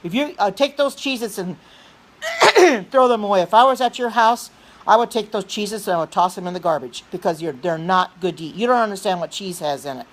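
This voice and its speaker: A woman's voice: medium pitch, a little fast. Earnest woman preaching on a livestream. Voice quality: frequent throat clearing. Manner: insistent, repeats herself, restarts sentences. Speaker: livestream host reading chat.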